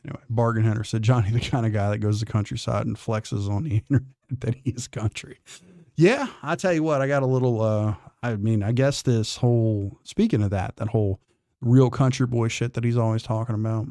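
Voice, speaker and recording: A man's voice: mid-range voice, a little fast, warm tone, no room sound, clean studio sound. A man hosting a casual livestream, reading chat comments and giving blunt, profane, defiant opinions while drawling through restarts. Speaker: livestream host.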